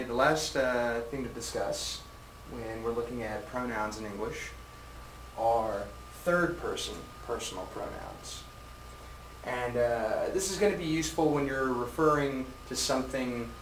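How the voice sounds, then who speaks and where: A male English teacher giving a recorded grammar lesson, speaking slowly and clearly and repeating example sentences. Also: medium pitch, a bit bright, a little hiss or hum. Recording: roomy echo, mic at a distance.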